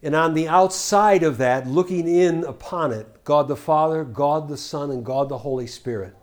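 Older man, sermon teacher, earnest, asks rhetorical questions, loud on verses, soft on reflections. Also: a little high, moderate pace. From United States. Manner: earnest, rhetorical questions, swings between loud scripture reading and quiet asides. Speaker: preacher.

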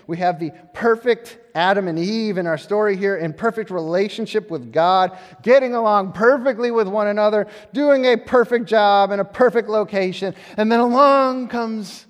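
A male pastor giving a conversational, animated sermon, often repeating words as he restarts. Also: sits high. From United States. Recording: long hall reverb.

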